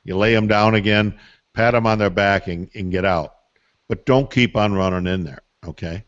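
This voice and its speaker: An older man answers parenting questions in a folksy, storytelling way and leans on emphatic asides. His voice sits low and sounds close and dry. The call audio is muffled. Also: normal speed, no room sound. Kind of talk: call-in Q&A advice.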